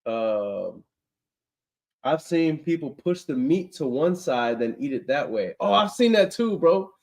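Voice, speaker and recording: Slow-talking young man reading his chat. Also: on the high side, big pitch swings, vocal fry, a little mellow. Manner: slangy, laughs often, reacts to chat comments. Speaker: livestream host reading chat. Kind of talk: casual livestream chat.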